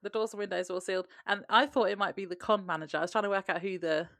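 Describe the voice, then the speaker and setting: A woman's voice: medium pitch, fairly even intonation, rapid-fire, a bit bright, no room sound, clean studio sound. A woman co-hosting a podcast, recapping a TV episode in casual chat and laughing often as she retells scenes. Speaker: podcast co-host.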